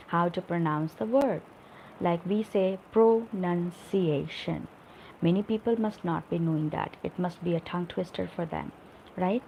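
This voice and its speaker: Gravelly-voiced woman teaching spoken English. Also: on the low side, dark tone, a little hiss or hum, rough recording. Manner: explains with examples and frequent tag "right?". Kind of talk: live online English lesson.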